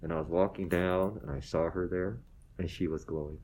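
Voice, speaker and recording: A man in his forties telling stories as an interview guest, animated and self-deprecating, often tagging "okay?" onto his lines and going soft and emotional when he talks about his wife. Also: low voice, a little fast. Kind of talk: casual storytelling interview.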